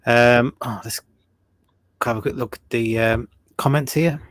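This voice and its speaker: A man's voice: mid-range voice, steady tone, unhurried, dry recording. A man hosting a casual live chat, easygoing and laughing along as he runs through a list. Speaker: host.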